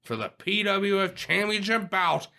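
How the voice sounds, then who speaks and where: A man's voice: high-pitched, unhurried, gravelly, pushed and bright, heavily acted. A man playing a wrestling play-by-play commentator with an emphatic announcer delivery.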